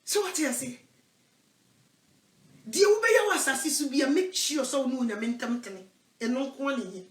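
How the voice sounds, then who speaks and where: A Ghanaian woman evangelist with a Ghanaian accent, preaching in a self-recorded monologue, emphatic and swinging between loud declarations and low asides. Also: echoey room, far from the mic.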